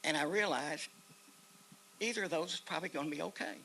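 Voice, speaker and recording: A man's voice: a little high, brisk, gravelly, sharp tone, a little hiss or hum, rough recording. An older man with an Oklahoma accent, telling a personal war story at an outdoor ceremony in a folksy way, acting out the voices in it. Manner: folksy storyteller, acts out quoted dialogue. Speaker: guest speaker, veteran. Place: outdoor park memorial ceremony.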